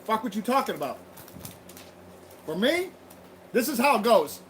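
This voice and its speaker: Man, high voice, blunt profane rambling rant, faint background noise. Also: sing-song, normal speed. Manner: blunt, heavy swearing, rambling with restarts. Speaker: livestream host. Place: home livestream.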